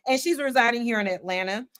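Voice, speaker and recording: A woman's voice: on the high side, a little fast, a bit bright. Woman host, casual livestream talk, playful and folksy, calls her audience y'all, loops back on her words. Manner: chatty, folksy, repeats herself often. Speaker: podcast host. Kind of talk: casual livestream show intro.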